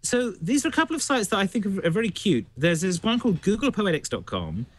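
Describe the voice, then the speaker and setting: A man talking on a casual tech panel, with a fairly high voice that rises and falls with lively swings. He explains things with frequent restarts. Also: quick pace, dry recording. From United Kingdom. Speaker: tech podcast guest.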